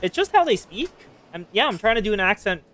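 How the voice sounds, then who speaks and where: Chatty guy streaming a game, highish animated voice, faint music. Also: fast. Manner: chatty, rambling asides. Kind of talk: casual gameplay commentary.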